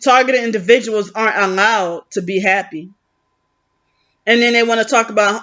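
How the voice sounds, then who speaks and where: A woman talks straight to camera in an aggrieved, rambling vent, breaking off and restarting her sentences as she goes. Her voice is bright and forceful. The recording is dull and lo-fi. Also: medium pitch, normal speed. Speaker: vlogger. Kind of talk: venting vlog monologue.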